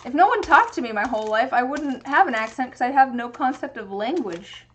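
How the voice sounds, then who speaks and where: A woman's voice: high voice, expressive, fairly quick, a bit bright, a little hiss or hum. A young woman from the US Pacific Northwest chatting casually and thinking aloud during a livestream from her home craft workspace. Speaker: streamer making resin dice.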